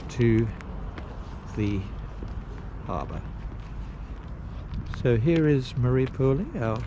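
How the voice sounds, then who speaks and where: A man narrating a casual travel vlog outdoors at a campsite, unhurried and rambling with pauses and fillers. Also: mid-range voice, animated, lo-fi sound, noisy background. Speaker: travel vlogger.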